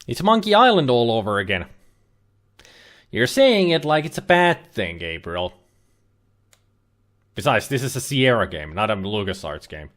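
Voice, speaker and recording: A man's voice: mid-range voice, sing-song, moderate pace, long pauses, fairly bright tone. Guy reading out a point and click game, dry little jokes, voice goes up and down a lot. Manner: dry joking asides between read-out game lines. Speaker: let's play host. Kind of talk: reading game text aloud with commentary.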